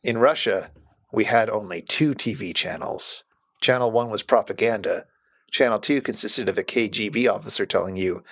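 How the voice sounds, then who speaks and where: A man in his forties co-hosting a podcast in casual comedic chat, reading jokes with a deadpan delivery. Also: lowish voice, moderate pace, gravelly, no room sound. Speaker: podcast co-host.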